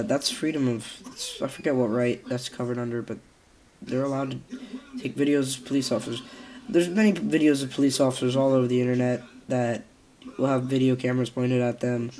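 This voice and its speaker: A man's voice: mid-range voice, dark tone. A young man with a nasal voice, a little sick, giving casual, hesitant spoken commentary on his video channel. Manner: hesitant, many fillers and restarts. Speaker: vlogger.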